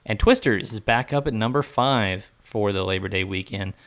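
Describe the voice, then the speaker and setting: A man's voice: fairly low pitch, normal speed, fairly bright tone. Laid-back man chatting about movies. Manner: chatty, laughs often, retells his son's reactions. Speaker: podcast co-host. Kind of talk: casual movie podcast chat.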